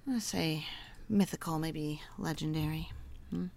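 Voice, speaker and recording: A man's voice: on the high side, a little slow, creaky, a little mellow, dry recording. A man co-hosting a podcast in casual chat, goofy and playful, full of silly wordplay. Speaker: podcast co-host.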